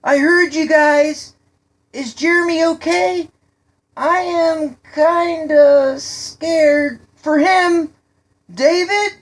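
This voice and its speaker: A shrill young boy calls out at the top of his lungs, high and strained with rising panic, as a woman reading a storybook puts him on. He shouts and draws the words out more slowly than the reading around him. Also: steady tone, exaggerated voice. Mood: panicky shouting. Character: panicky young boy thrill seeker, loud.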